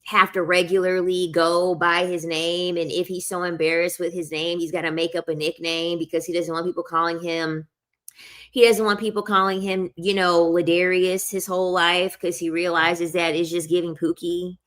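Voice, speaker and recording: A woman's voice: on the low side, little pitch movement, moderate pace, a bit bright. A woman ranting bluntly to her viewers, swearing freely and repeatedly saying she is sorry. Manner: blunt, profane, keeps saying "I'm sorry". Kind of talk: casual opinionated rant to viewers.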